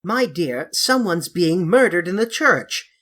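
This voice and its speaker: A woman's voice: fairly low pitch, very animated, a little slow, a bit bright, exaggerated voice. A woman voicing a fussy, proper, easily alarmed middle-aged country vicar. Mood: flustered.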